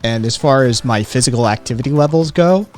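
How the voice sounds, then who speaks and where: With faint background music and a somewhat fast, darkish-toned delivery, a brash man hosting a livestream teases his viewers in a loose way. He curses freely and needles whoever he answers.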